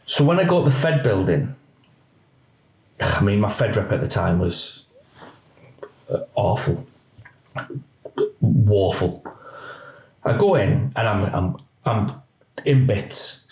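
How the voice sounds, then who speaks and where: A man's voice: mid-range voice, moderate pace, long pauses. A middle-aged policeman, recounting events candidly in a podcast interview and acting out the voices he quotes. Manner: animated storyteller, acts out quoted voices. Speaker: police officer guest. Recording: echoey room.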